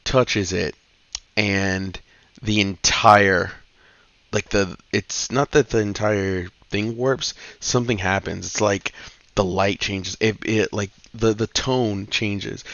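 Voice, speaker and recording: A man with a low, gravelly voice talks through his comic picks in a loose, slangy, cussing style. He gets excited as he retells plots. The recording is dull and lo-fi, with a dry, close sound. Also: no room sound. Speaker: comic book reviewer host. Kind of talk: casual comic review.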